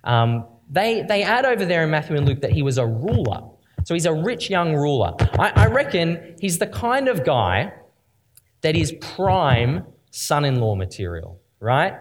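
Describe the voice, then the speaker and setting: A man's voice: fairly high pitch, moderate pace. A man preaching a conversational sermon, often asking rhetorical questions. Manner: lively, questioning, frequent rhetorical "right?".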